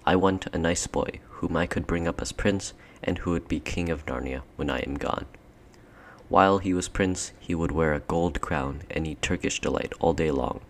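A man's voice: deep voice, a little hiss or hum. A man reading an audiobook, voicing a regal queen who coaxes and commands. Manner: sweet-talking, persuasive, commanding. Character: cold, coaxing queen, tall and regal. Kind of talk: audiobook character voice.

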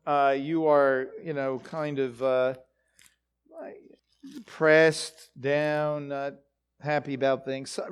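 A high-voiced male preacher delivers a conversational sermon with great animation. He speaks directly to the audience, using frequent fillers and rhetorical questions.

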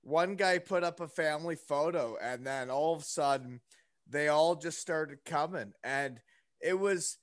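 A man's voice: fairly high pitch, unhurried, dry recording, studio quality. A young man telling a story in casual chat, rambling with lots of fillers and asides. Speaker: podcast guest.

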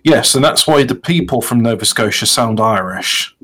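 A man's voice: medium pitch, expressive, normal speed, fairly bright tone. Rambling man co-hosting a podcast. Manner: rambling, stammering restarts. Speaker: podcast co-host. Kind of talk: casual banter.

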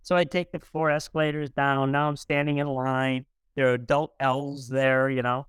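A middle-aged man talks as a podcast guest, earnest and warm, playing out every quoted line as he tells his story. His voice is smooth and resonant. The sound is dry, close to the mic. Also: medium pitch, flat delivery, moderate pace, no room sound. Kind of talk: conversational storytelling.

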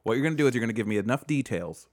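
Podcast host, male, lively swooping delivery, quick jokes and laughs, dry close mic. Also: medium pitch, no echo. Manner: animated, jokey, laughs often, mimics voices. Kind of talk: casual podcast chat.

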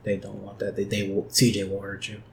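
A man's voice: on the low side, monotone, a little fast, gravelly, slight background noise. A man chatting casually on a podcast, giving dry, offbeat replies. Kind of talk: casual chat.

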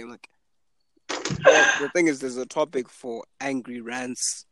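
A man's voice: steady tone, measured pace, heavy background noise. A young man hosting a podcast, chatting casually and telling stories, acting out the people he quotes. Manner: storytelling, acts out the people he quotes in a higher voice. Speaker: podcast host. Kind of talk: casual chat.

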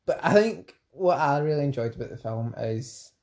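A Scottish man co-hosting a podcast in casual, rambling chat, talking films with real enthusiasm. His voice is dark and mellow, relaxed rather than bright. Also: a little high, moderate pace. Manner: enthusiastic, rambling film talk. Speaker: podcast co-host.

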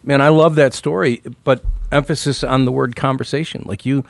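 A man's voice: medium pitch, fairly even intonation, a little fast, gravelly, no echo. A man hosting talk radio, speaking in an emphatic, encouraging way on a roundtable podcast. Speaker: radio talk show host.

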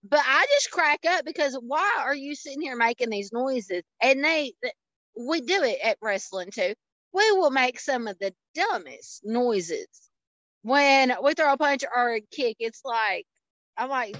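Brief: woman, ex-wrestler guest, high bright pitch, wisecracking and quick to laugh, dry, muffled audio. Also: animated, no room sound. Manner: joking, laughs easily, wisecracks. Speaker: former professional wrestler, guest. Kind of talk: casual podcast chat.

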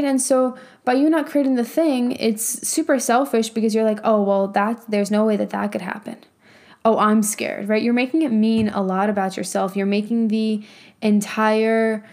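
A young woman with a mellow, soft-edged voice hosts a motivational podcast in a loose, chatty way. She peppers her talk with "like" and drops casual swear words while giving advice. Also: on the high side. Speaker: podcast host and business coach.

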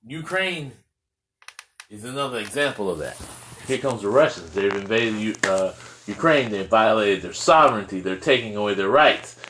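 A man's voice: lowish voice, animated, normal speed, fairly bright tone, a little hiss or hum, rough recording. A man from the United States giving an impassioned opinion monologue, full of rhetorical questions and repeated words for stress.

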